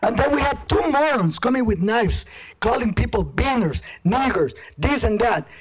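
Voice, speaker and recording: Husky, heated man at a podium. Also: very high-pitched, expressive, normal speed, low-quality recording. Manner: accusatory, heated, profane. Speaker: public commenter at a police commission meeting. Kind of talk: angry public comment speech. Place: public meeting chamber.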